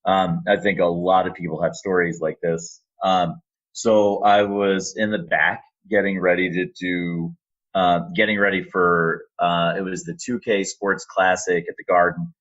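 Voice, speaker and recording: A man with a very low, deep voice tells stories with animated energy, acting out quoted lines as he goes. He sounds like a guest on a casual podcast. The audio is a little dull and lo-fi. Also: unhurried. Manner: animated storyteller, acts out quotes. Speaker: podcast guest, announcer and voice actor. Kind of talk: casual storytelling interview.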